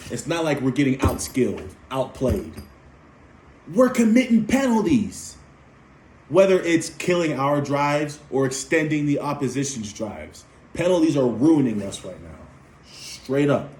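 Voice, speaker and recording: A man's voice: mid-range voice, a little mellow. Heated man ranting in a roomy space. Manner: heated, repetitive, emphatic. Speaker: sports commentator. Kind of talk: fan sports rant. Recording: roomy echo.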